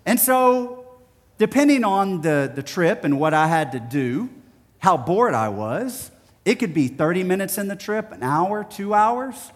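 A man from Texas preaching a sermon, telling stories in a playful, animated way. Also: high-pitched, a little slow, long reverb tail. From Houston, Texas. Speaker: pastor.

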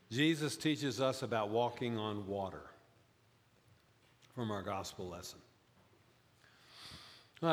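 A man preaching a sermon as pastor, telling stories and rising high in pitch for emphasis. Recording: long reverb, as in a church.

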